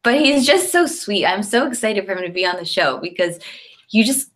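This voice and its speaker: A woman's voice: medium pitch, lively intonation, normal speed, fairly bright tone. A woman co-hosting a podcast, chatting casually with frequent laughs and "like" fillers. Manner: giggly, lots of "like" fillers. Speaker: podcast co-host. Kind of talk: casual chat.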